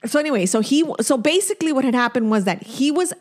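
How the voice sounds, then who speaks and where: A woman's voice: high-pitched, animated, fast talker. A woman co-hosting a podcast, telling a story in casual chat, acting out quotes and laughing often. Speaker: podcast co-host.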